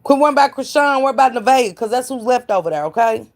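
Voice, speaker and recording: A woman's voice: on the high side, animated, fast talker. Blunt woman gossiping to chat. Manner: blunt, profane, preachy, calls out chat viewers by name. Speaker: live stream commentator. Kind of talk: casual gossip commentary to live chat.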